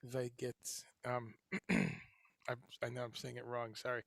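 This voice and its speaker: A man's voice: medium pitch, very animated, unhurried, vocal fry, fairly bright tone, no room sound, clean studio sound. A man hosting a casual livestream chat, talking in a rambling way with lots of fillers and restarts. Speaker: livestream host. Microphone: headphones and home streaming setup.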